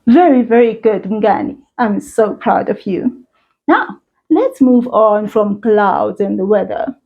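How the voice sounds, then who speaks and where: A woman teaching a children's language lesson, encouraging and sing-song, speaking slowly and clearly. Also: medium pitch, lively intonation, narrow, tinny audio. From South Africa.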